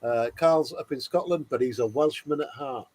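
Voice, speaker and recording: A man's voice: medium pitch, normal speed, a little mellow. A man hosting a casual live stream who mutters to himself at his work while he chats.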